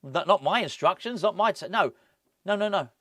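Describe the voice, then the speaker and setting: A man hosting a casual football vlog, rambling and animated, often breaking off with laughs. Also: high-pitched, normal speed, no echo, studio quality. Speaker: football fan channel host.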